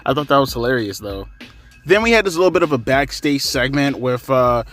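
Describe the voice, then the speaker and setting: A man's voice: mid-range voice, expressive, brisk, fairly bright tone, soft background music. A man giving a casual, rambling wrestling recap, sarcastic and swearing freely. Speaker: wrestling commentary vlogger.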